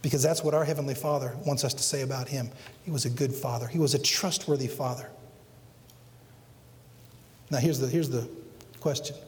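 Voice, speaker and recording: A middle-aged man preaching a sermon as pastor, acting out quotes dramatically and swinging between loud emphatic peaks and quiet low lines. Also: fairly even intonation, a little fast, long pauses. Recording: long hall reverb.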